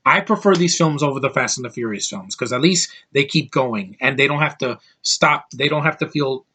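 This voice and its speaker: A man's voice: medium pitch, animated, normal speed, sharp tone, slightly rough. A tired man giving blunt, rambling opinions about movies in a casual video, often restarting his sentences. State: tired from lack of sleep. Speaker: movie list vlogger.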